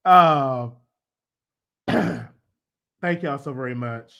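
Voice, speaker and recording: A man with a Southern US accent hosting a show, rambling excitedly in a casual monologue that swings into loud emotional outbursts. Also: mid-range voice, drawn-out words, gravelly. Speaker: show host.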